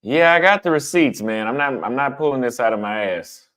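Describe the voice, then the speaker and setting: A man's voice: mid-range voice, animated, a little fast, fairly bright tone. A man chatting casually with his audience about travel, blunt and conversational, repeating his points for emphasis. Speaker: travel vlogger answering chat. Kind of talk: casual livestream chat.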